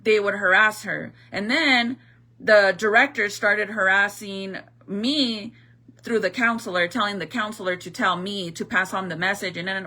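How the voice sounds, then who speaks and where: A woman's voice: mid-range voice, normal speed, pushed and bright. A young woman telling a story in a heated, profane, slangy rant, as a vlogger.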